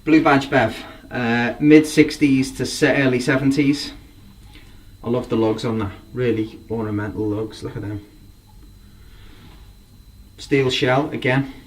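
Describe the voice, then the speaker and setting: Unhurried and steady, a medium-pitched man walks through his drum collection in a casual show-and-tell, rambling with enthusiasm. His voice comes from a distance against faint background noise.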